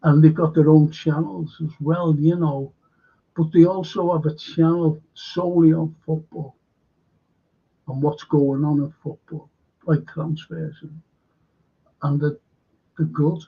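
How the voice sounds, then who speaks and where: Man, fan stream host, rambling casual chat, husky and gravelly, dull lo-fi audio. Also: fairly high pitch, flat delivery, measured pace, pauses often. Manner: rambling, reads viewer comments aloud.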